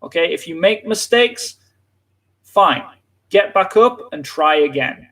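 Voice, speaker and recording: A man's voice: on the high side, expressive, slow, a bit bright. A man from England, chatting casually on a live lesson and filling his talk with "like". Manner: casual, lots of filler "like". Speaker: English teacher.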